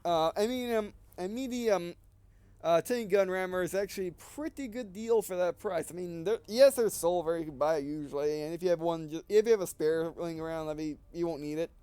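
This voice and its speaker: A man's voice: high-pitched, a little fast, warm tone, smooth, no room sound. A man giving casual, rambling gameplay commentary while short of breath, often restarting and correcting himself. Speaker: gaming video creator.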